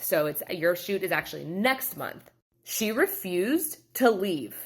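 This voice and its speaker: A middle-aged woman, a photographer telling a story in a casual vlog and acting out the people in it. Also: fairly low pitch. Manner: animated storytelling, acting out quotes. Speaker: photographer and studio owner.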